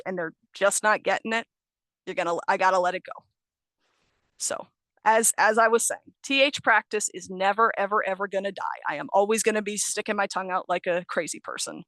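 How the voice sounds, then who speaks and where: With no room sound on the video call, a young US woman's medium-pitched, fairly bright voice carries an online ESL training talk. She's patient and explanatory, correcting herself mid-stream and letting out light laughs.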